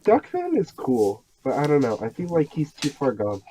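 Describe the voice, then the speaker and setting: A man's voice: on the high side, wildly swooping pitch, moderate pace, a loud crowd, poor audio. A man co-hosting a casual group podcast, swearing often and teasing the others in disbelief. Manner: swears a lot, teasing, incredulous. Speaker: podcast co-host.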